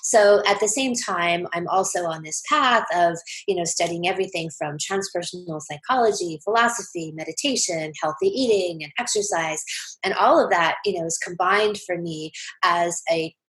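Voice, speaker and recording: A woman's voice: lowish voice, moderate pace, fairly bright tone, rough recording. A woman speaking as a sex coach guest on a podcast interview, emphatic and confident, laughing often.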